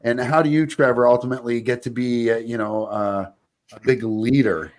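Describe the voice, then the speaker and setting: A man hosting a casual interview show, asking questions with many pauses and fillers. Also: medium pitch, fairly even intonation. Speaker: podcast host.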